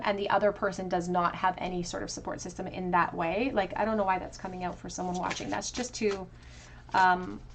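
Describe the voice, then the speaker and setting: A woman's voice: on the low side, slight background noise. A woman giving a tarot pick-a-card reading, musing aloud over each card with casual fillers. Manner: musing, talks through card meanings with soft fillers. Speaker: tarot reader.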